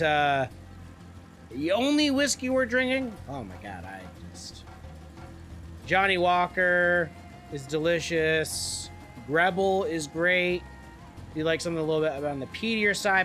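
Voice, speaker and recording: Chatty, animated young male streamer. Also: on the high side, unhurried, faint music behind. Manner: rambling, joking, swears freely. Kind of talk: casual gaming livestream chat.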